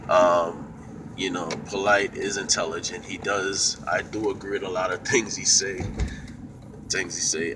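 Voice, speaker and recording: A man's voice: sits low, bright, forceful tone, far from the mic, rough recording. A man giving a blunt, profane and rambling opinion monologue to camera, with many fillers and asides. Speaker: YouTuber giving commentary.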